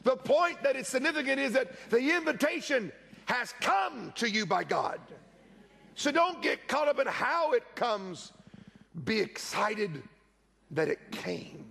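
A middle-aged man preaching a sermon in church, telling lively stories and acting out the voices of the people in them. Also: extremely high pitch, measured pace, gravelly, breathy edge. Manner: animated storytelling preacher, acts out quoted voices. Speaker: pastor.

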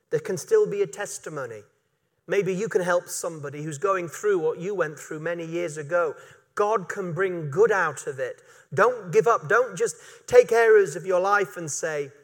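A man preaching a sermon, animated and emphatic, repeating phrases for effect and briefly acting out the voices of people in the story. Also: high-pitched. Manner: animated, acts out voices of biblical figures; repetitive, emphatic.

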